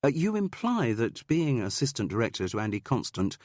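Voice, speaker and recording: A man's voice: mid-range voice, very animated, brisk, a little mellow, no echo, studio quality, pitched above the performer's own voice, lightly acted. A man doing a shrewd, coaxing middle-aged sleuth woman.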